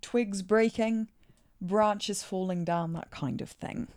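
A woman's voice: mid-range voice, slow, a little mellow, no room sound. A woman co-hosting a casual film review podcast, recapping the plot with playful asides. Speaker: podcast co-host.

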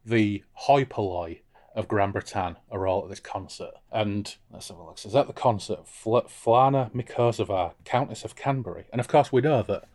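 A man's voice: on the low side, fairly quick, darkish tone. A man hosting a casual book discussion podcast, irreverent and jokey. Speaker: podcast host.

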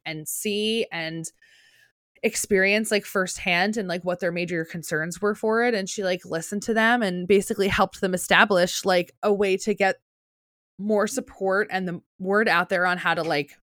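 A young podcast co-host with a New Jersey accent chats loosely, using lots of "like" and the odd swear word. Her middle-pitched voice is steady, fairly bright and dry, close to the mic with no room sound, at a normal speed.

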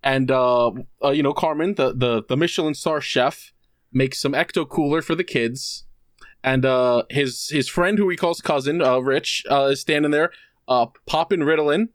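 A man's voice: mid-range voice, normal speed, no echo, clean studio sound. A man co-hosting a casual podcast, telling a long story full of fillers and acting out the quotes. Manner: rambling storyteller, many fillers, acts out quotes. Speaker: podcast co-host. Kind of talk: casual chat.

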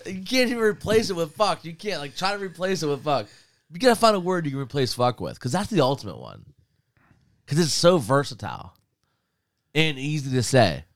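A man, a father, chatting casually with friends in a relaxed, animated way, laughing often and leaning on "like" as a filler. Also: a little high, fairly quick, dry recording. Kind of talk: casual chat.

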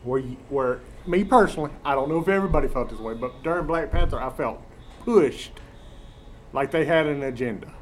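A man's voice: medium pitch, fairly quick. A man, co-hosting a casual chat, blunt and opinionated, often restarting sentences. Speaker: podcast co-host. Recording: faint background noise.

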